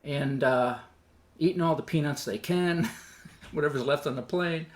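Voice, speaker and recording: A man with a fairly high voice tells a personal story live on stage. He is animated and self-deprecating, and he acts out each line of the dialogue. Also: a little slow.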